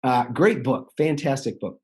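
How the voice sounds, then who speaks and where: Husky, mellow-voiced male podcast host. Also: normal speed. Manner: earnest, pitching, with repeated emphasis. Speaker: podcast host and contractor business coach. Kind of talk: persuasive podcast talk.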